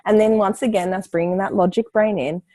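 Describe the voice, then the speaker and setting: A woman with a mellow, warm tone speaks as an interview guest. She explains her coaching advice directly and confidently, walking through each point plainly. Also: mid-range voice, steady tone, a little fast, rough recording. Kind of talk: casual conversational interview.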